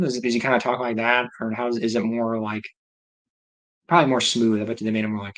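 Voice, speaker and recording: A man's voice: medium pitch, level tone, fairly quick, long pauses, low-quality recording. A man hosting a livestream, chatting casually and rambling as he reacts aloud to viewer comments. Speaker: livestream host.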